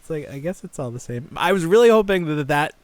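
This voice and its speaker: A man hosting a podcast who chats casually, reacts quickly and jokes along with his guest. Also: on the high side, animated, dry recording. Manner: chatty, quick to react and joke. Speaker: podcast host.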